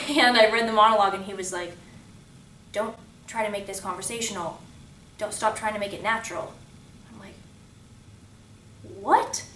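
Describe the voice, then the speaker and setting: A woman's voice: medium pitch, fairly even intonation, a little fast, pauses often, bright, forceful tone. A young woman, a stage actress, talking earnestly about playing her role in an interview. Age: young adult. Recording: roomy, distant mic, faint noise.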